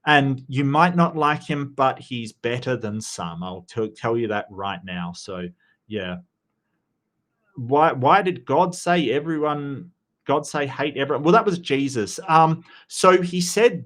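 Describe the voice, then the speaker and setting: A man's voice: medium pitch, expressive, moderate pace. A man hosting a live-streamed debate show, chatting casually with viewers, blunt and joking with some profanity, and reading out messages from the chat. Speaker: livestream debate host.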